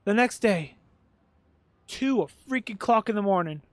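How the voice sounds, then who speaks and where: A man's voice: high voice, lively intonation, measured pace, no echo. A man giving casual let's-play commentary, sarcastic and muttering at the game. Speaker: gaming video host.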